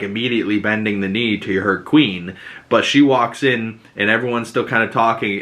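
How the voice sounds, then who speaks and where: A man hosting a podcast, casually recapping a TV episode in an excitable, rambling way, full of "like" and swear words. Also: lowish voice. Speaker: podcast host.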